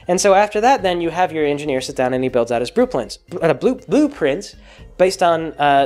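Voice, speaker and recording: A man hosting a podcast, talking in a casual, rambling monologue full of restarts and fillers that turns animated when he is amused. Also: medium pitch. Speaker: podcast host.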